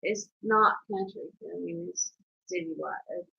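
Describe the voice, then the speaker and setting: A woman's voice: lowish voice, unhurried, gravelly, sharp tone. A woman, chatting casually and teasing her co-host. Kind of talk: casual chat. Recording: dull lo-fi sound.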